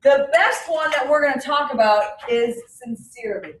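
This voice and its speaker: A woman teaching a class, telling lively anecdotes and acting out the people in them. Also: high-pitched, normal speed. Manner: animated, acts out anecdotes. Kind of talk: classroom lecture. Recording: echoey classroom from far off.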